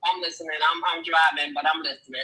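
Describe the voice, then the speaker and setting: A man calls into the stream from his car, his voice bright and somewhat high. He stays relaxed and easygoing, stretching out short phrases as he drives. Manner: laid-back, drawn-out short phrases. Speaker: caller. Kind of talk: casual call-in chat.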